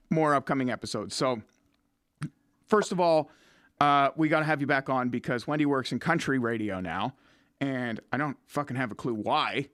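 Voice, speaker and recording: A man's voice: fairly high pitch, a bit bright, no room sound, clean studio sound. A man hosting a podcast, chatting casually and joking with a guest. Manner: joking, laughs often. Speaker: podcast host. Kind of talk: casual chat.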